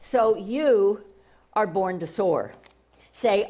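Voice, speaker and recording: Lively, enthusiastic woman spiritual teacher. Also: a little high, a little slow, background noise. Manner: enthusiastic, repetitive, restarts often. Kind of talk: inspirational talk.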